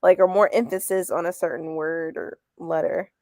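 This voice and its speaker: Chatty woman with gravelly fry. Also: fairly low pitch, moderate pace, darkish tone, dry recording, studio quality. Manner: chatty, laughs often, reads chat comments aloud. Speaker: host. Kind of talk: casual livestream chat.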